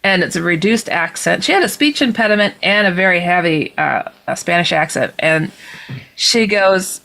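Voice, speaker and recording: A woman guest telling a story in a lively, casual way, speaking into a computer on a video call. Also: lowish voice, normal speed, vocal fry, poor audio. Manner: lively, acts out quoted voices.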